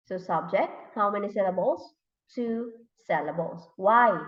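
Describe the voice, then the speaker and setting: A woman teaching an English lesson with a Thai accent, explaining slowly and checking often that students follow. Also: mid-range voice. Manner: slow, drawn-out explanations with repeated checks. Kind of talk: classroom lesson. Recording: echoey room, far from mic, dull lo-fi.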